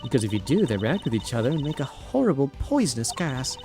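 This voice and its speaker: A man's voice: medium pitch, big pitch swings, quick pace, music in the background. A man voicing a prim, fussy elderly British woman in a game, slipping between a British and a Southern accent. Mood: chatty. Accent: put-on British, slipping toward American Southern. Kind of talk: voicing game dialogue on a stream.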